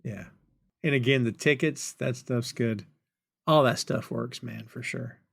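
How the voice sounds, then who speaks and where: A man's voice: mid-range voice, a little slow, gravelly, slightly rough, dry recording. A man hosting a podcast, chatting casually and retelling film scenes with laughter. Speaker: podcast host.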